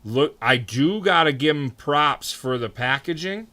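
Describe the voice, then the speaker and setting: A young man streaming, chatting casually with his viewers, swearing freely and jumping into mock outrage. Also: unhurried. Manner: animated, swears freely, answers chat, jumps into high mock outrage. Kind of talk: casual live-stream chat.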